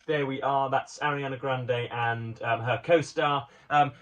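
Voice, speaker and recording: A man's voice: mid-range voice, fairly even intonation, a bit bright. A man reading newspaper items aloud and commenting on them with dry, sardonic asides, often stumbling over his words. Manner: halting, frequent fillers and restarts, dry sardonic asides. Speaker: vlogger reviewing the newspaper.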